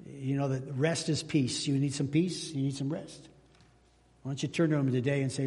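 A man's voice: medium pitch, steady tone, normal speed, warm tone, in a large hall. A man preaching a sermon as pastor, fervent, with rising emphasis and repeated phrases. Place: church sanctuary.

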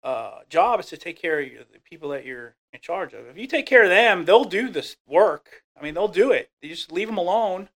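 A middle-aged man speaks as a guest on leadership, chatting casually in a high voice at a moderate pace with hardly any pauses. He tells leadership stories animatedly and acts out the voices of people he quotes.

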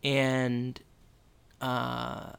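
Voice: medium pitch, completely flat delivery, drawn-out words, creaky, a bit bright, smooth. A podcast co-host recapping a TV episode in casual chat, with dry conversational asides.

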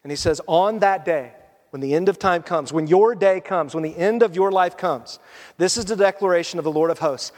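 High-voiced pastor preaching in a hall. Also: male voice, fairly quick. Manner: animated storytelling, scripture reading, hushed appeals. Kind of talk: sermon. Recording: hall reverb.

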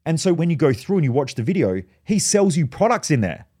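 A man's voice: a little high, very animated, brisk, warm tone, breathy edge. Blunt, profane man. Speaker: podcast host. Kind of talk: solo podcast monologue.

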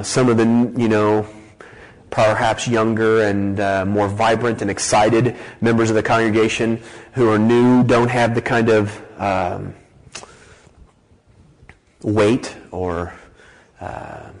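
A man preaching a sermon, teaching through a chapter with lively emphasis, rhetorical questions and light joking asides. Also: lowish voice, slow pace, low-quality recording. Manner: animated, rising emphasis with frequent rhetorical okays and light joking. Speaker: pastor.

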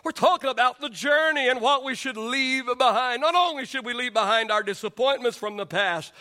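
A middle-aged male pastor preaching a sermon, repeating his words and building to shouts on key lines. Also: extremely high pitch, fairly quick.

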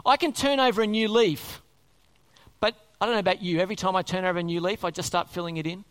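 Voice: mid-range voice, fairly even intonation, fast, a bit bright. A preacher delivering a sermon, speaking emphatically, repeating key words and asking many rhetorical questions.

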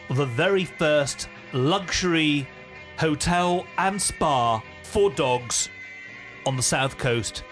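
A man's voice: on the high side, a bit bright. Dry-witted man. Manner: dry, wry quips. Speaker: podcast host. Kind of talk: casual chat.

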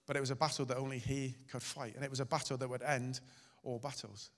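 A male pastor preaching a sermon, swinging between loud and hushed delivery. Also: medium pitch, level tone, fast. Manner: dramatic, shifting loud and soft. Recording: hall reverb.

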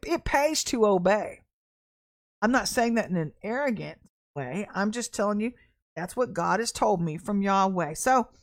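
A woman giving a casual podcast sermon, telling stories with laughter and acting out quoted voices. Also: mid-range voice. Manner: animated storytelling with laughter and acted quotes. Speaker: podcast preacher.

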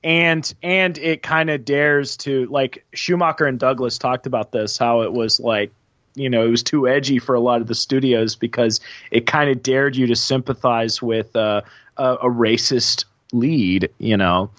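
A man co-hosting a casual film discussion, explaining in a halting way with many fillers. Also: mid-range voice, fairly even intonation, fairly bright tone, no echo. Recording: dull lo-fi dry sound.

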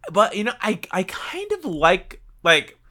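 A man co-hosting a casual gaming podcast, explaining things in an animated way and laughing often. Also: sits high, a little slow. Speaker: podcast co-host.

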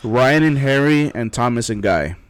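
A man hosts a casual quiz among his friends, reading each option out slowly and breaking into easy laughs. His pitch sits in the middle and stays level. The sound is dry and close. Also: animated, dry recording. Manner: playful, laughs often, reads answer options slowly. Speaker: quiz host.

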